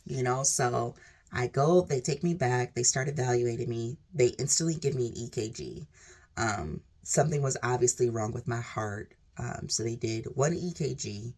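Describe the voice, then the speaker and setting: Brief: woman vlogger, rough gravelly voice with a husky edge, rambling earnest testimony. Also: very deep voice, animated, normal speed, a little mellow. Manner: earnest, rambling, heavy use of "like" and "literally". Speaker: vlogger sharing a personal testimony. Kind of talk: emotional personal storytelling.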